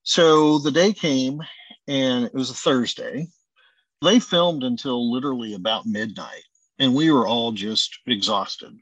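A man's voice: mid-range voice, unhurried, no room sound, highs cut off. A man, a chef and restaurant owner, telling a long anecdote in a casual interview, acting out bits of the dialogue as he goes. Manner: animated storyteller acting out dialogue.

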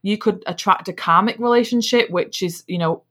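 A woman's voice: medium pitch, moderate pace, a bit bright. A young Englishwoman, hosting a podcast in a casual, chatty way, often restarting phrases and dropping in "like" and "you know.". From England. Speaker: podcast host. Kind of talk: casual personal chat.

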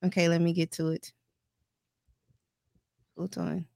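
A woman's voice: lowish voice, level tone, a little slow, gravelly, a little mellow, dry recording, studio quality. A woman co-hosting a casual morning podcast, upbeat and cheerful. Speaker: co-host.

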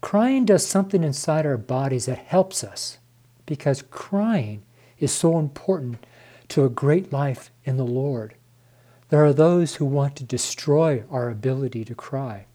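Slow, tearful, husky-voiced preacher man. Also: mid-range voice, lively intonation, warm tone. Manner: earnest, emotional, addresses listeners as friends. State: tearful, voice near crying. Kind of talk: devotional sermon to viewers.

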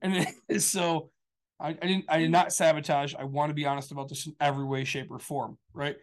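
A man's voice: on the high side, flat delivery, a little fast. A man talking casually on a show, telling a long story in a rambling, profane way full of fillers. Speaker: show regular. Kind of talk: casual chat.

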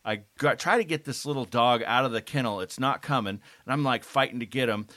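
A man's voice: mid-range voice, a little fast, pushed and bright, dry recording. A man co-hosting a podcast, telling a funny anecdote in an easygoing casual chat. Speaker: podcast co-host.

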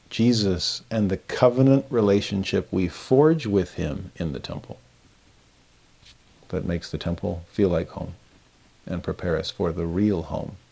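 A man teaching a scripture lesson, an animated storyteller who acts out his own thoughts, then turns earnest and quietly emphatic. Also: low-pitched, creaky. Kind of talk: recorded religious lesson.

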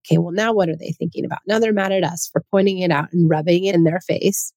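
Talking alone on her parenting podcast, this host speaks earnestly and quizzes her listeners with plenty of questions, voicing quoted parents in a higher register. She talks quickly with few pauses in a steady, darkish tone, and there's no room sound.

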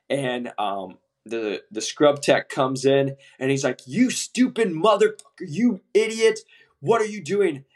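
A young man co-hosting a casual podcast about medical device sales, telling lively stories and acting out the people he quotes. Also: mid-range voice. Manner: animated storyteller, acts out quoted voices, swears casually.

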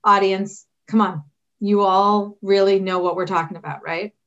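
A woman's voice: medium pitch, fairly even intonation, normal speed, fairly bright tone, lo-fi sound. A woman hosting a talk show, affirming her guest and addressing the audience. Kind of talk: casual talk show chat.

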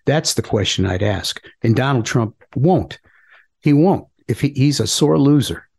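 A man's voice: mid-range voice, expressive, unhurried, vocal fry, a little mellow, husky. A middle-aged man co-hosts a casual political chat in an everyday mid-range voice. He speaks in a plain, earnest, folksy way and tells stories from his own work. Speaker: politician and podcast co-host.

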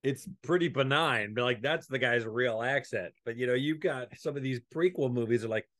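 A man's voice: medium pitch, normal speed, a bit bright. A man chatting animatedly during a movie commentary, often jumping into mock voices. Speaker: film commentator. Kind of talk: casual movie commentary chat.

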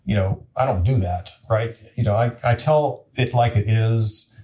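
A city council member in his forties appears as an interview guest, telling a story in a dark-toned, lowish voice at a measured pace. He's earnest and plainspoken, restarting often in candid, conversational fashion.

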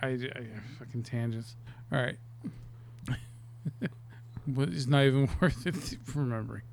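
A man's voice: medium pitch, measured pace, vocal fry, a little mellow, a little hiss or hum. A man giving casual, profane commentary over a video game, laughing and riffing on impressions. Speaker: let's play commentator.

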